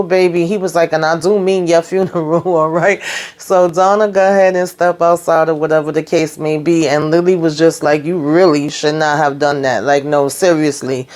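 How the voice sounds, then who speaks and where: A woman's voice: deep voice, darkish tone. A woman casually recapping a TV drama episode, retelling the scenes in a chatty way and briefly acting out what the characters say. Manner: chatty retelling, acts out quoted lines. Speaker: show recap host.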